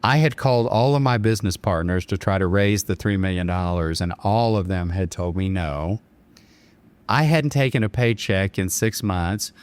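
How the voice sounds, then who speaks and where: A man's voice: low voice, normal speed. A man, speaking as a podcast guest. He tells a personal story earnestly and dramatically, acting out the lines of the people in it. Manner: earnest, dramatic retelling with quoted dialogue. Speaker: bank chairman and podcast guest. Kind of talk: storytelling in an interview.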